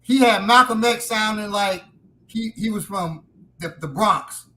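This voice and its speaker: A man's voice: high voice, unhurried, bright, forceful tone, a little hiss or hum, poor audio. A man in casual podcast banter, joking with frequent stumbling restarts.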